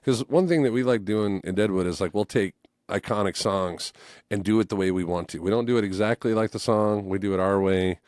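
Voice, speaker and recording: Male musician guest, forties, low-pitched, dry and close, animated storyteller who swears. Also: brisk, dry recording. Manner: animated, acts out voices in his stories, swears freely. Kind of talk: casual storytelling chat.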